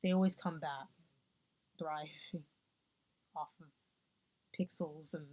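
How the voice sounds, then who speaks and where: A woman's voice: low-pitched, fairly even intonation, slow pace. A young woman vlogging, telling a rambling story casually, often losing her thread. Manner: rambling, giggly, self-interrupting. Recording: dull lo-fi sound.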